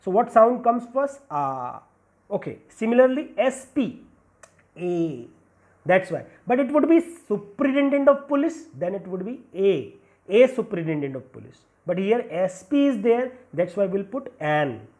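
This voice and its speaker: A man's voice: sits high, darkish tone. Man teaching grammar. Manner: explains step by step, repeats phrases, frequent "okay" and "that's why". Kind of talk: recorded grammar lesson over slides.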